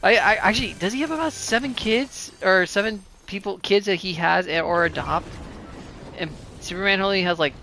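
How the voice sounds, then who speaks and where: A man chatting loosely over his gameplay, rambling from thought to thought and laughing at himself. His voice is bright and a touch high, with faint background noise under it. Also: normal speed, creaky. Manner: rambling, laughing often, self-mocking. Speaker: gamer. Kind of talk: casual gameplay commentary.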